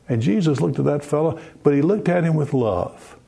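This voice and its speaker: Gravelly, earnest male preacher. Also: fairly high pitch, expressive, dark tone. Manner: earnest, repeats words, slow emphatic phrasing. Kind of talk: broadcast sermon.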